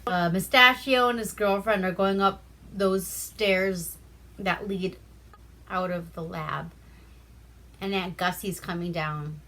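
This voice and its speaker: A woman's voice: on the low side, fairly even intonation, slow, pushed and bright. A woman from Alaska casually retelling a movie plot in a loose, chatty way, swearing freely between fillers. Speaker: movie reviewer.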